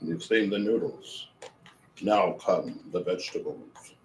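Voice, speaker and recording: A man's voice: low-pitched, takes it slowly, slight background noise. Rambling man chatting in an echoey kitchen. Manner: rambling, self-amused, talks with mouth full. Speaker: streamer. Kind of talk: casual livestream chat while cooking and eating.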